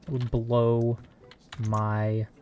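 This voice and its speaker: A man's voice: mid-range voice, completely flat delivery, very slow, darkish tone, a little hiss or hum. Man muttering frantic game commentary. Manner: talks to himself, frantic exclamations and silly mild curses. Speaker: streamer. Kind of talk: casual live gameplay commentary.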